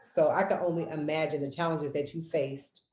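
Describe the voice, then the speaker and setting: A woman hosting a podcast, chatting casually with her mother and telling animated stories. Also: low-pitched, moderate pace, echoey room. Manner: animated storyteller who acts out quotes. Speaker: podcast host. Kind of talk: casual family chat.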